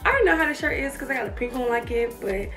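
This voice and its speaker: Talking fast and animated in a fairly high voice, this young fashion vlogger laughs breathlessly as she chats with her audience through a try-on haul. The recording picks up room echo, distance from the mic, and soft music.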